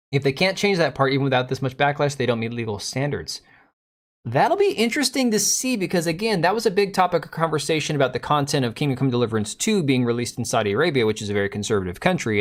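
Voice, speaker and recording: A man in his forties holds forth on a live stream in a loose, chatty way. He jokes with a sarcastic edge and reads and answers chat as he goes, and his voice sits at an ordinary mid pitch. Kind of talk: casual live-stream commentary.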